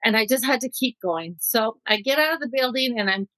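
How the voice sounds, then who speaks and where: Middle-aged woman from Mexico, interview guest, lively first-person storyteller, slightly high voice, dry close sound. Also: fairly quick, no room sound, poor audio. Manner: vivid storyteller who acts out quotes.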